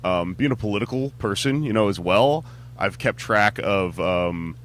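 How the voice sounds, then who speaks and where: A man with a lowish voice answers questions in a loose, meandering way and laughs often. His stand-up background shows in his easy delivery. A faint hum runs behind him. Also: moderate pace. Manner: relaxed, rambling, filler-heavy, laughs often. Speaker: comedian and podcast host, interview guest. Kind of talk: casual interview chat. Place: music venue on tour.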